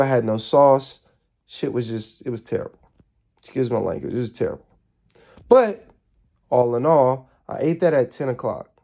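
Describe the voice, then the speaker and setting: A man telling a rambling, casual story to his live viewers, animated and swearing freely, sounding tired and yawning. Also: mid-range voice, gravelly. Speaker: streamer.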